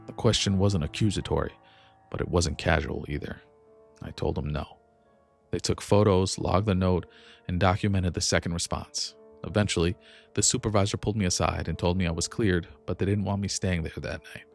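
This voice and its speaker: A man narrating a first-person horror story in a measured, tense delivery, with soft music behind him. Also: deep voice, steady tone, gravelly. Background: faint instrumental music.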